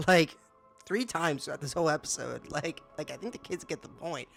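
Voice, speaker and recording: A man's voice: fairly high pitch, moderate pace, vocal fry, fairly bright tone, soft background music. A young man hosting a casual review channel, exasperated and laughing, often stammering and repeating himself. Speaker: booktuber host.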